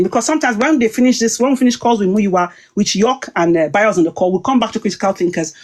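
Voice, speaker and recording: A woman's voice: medium pitch, animated, fast, few pauses. A woman giving a heated personal monologue on a live stream, emphatic and repetitive, restarting her sentences. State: upset.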